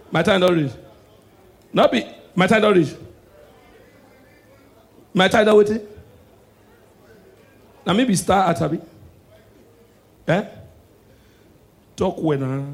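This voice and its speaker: Nigerian comedian with a high voice. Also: male voice, slow, long pauses. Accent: Nigerian Pidgin English. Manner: switches between hushed asides and loud shouted punchlines. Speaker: stand-up comedian. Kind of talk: live stand-up comedy.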